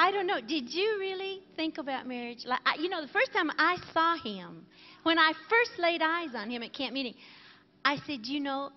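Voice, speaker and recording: A woman co-hosting a Christian TV show, giving an emotional, giggly testimony to a live crowd. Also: high voice. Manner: giggly, emotional, laughs often. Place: large camp meeting hall with live audience. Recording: 1980s TV broadcast, lo-fi, reverberant hall.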